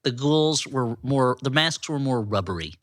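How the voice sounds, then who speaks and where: A man co-hosting a comedy movie podcast, riffing quick jokes and breaking into laughter often. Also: medium pitch, lively intonation, a bit bright, no room sound, studio quality. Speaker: podcast co-host.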